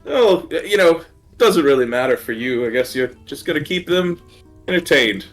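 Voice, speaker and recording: A man's voice: a little high, lively intonation, normal speed, soft background music. A man voicing a sly adult male stranger who tests recruits, speaking in a wry, teasing way.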